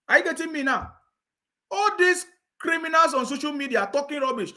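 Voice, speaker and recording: A political commentator delivers a scornful, insistent online rant in a very high-pitched, expressive voice that's bright and forceful. He talks at normal speed with long pauses, laughs mockingly, and keeps checking in with his viewers.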